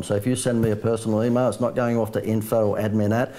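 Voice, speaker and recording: Australian man, quick pace, mellow dark tone, punchy pitchman storytelling. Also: little pitch movement. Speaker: marketing guest. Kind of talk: animated business interview.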